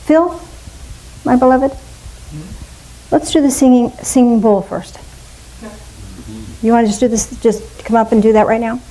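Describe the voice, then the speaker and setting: A woman's voice: medium pitch, warm tone, rough recording. A middle-aged woman minister giving a spiritual talk to a congregation, playful and musing aloud with asides.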